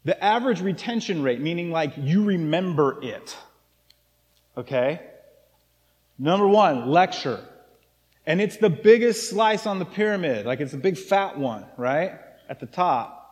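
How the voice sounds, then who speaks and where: A man's voice: on the high side, animated, unhurried, a little mellow, big-room sound. A man preaching a casual, joking sermon as pastor of a church. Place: church sanctuary.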